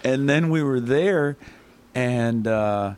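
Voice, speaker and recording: A man's voice: mid-range voice, takes it slowly, darkish tone, a little hiss or hum. A man hosting a casual talk show, earnest and rambling, often stopping to correct himself. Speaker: show host. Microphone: headphones and studio mic.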